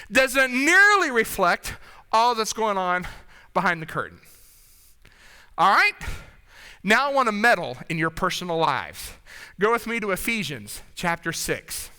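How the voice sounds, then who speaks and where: A man's voice: extremely high pitch, bright, forceful tone, clean tone, long reverb tail. A man preaching a sermon in a conversational way, often checking in with his listeners. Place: church sanctuary.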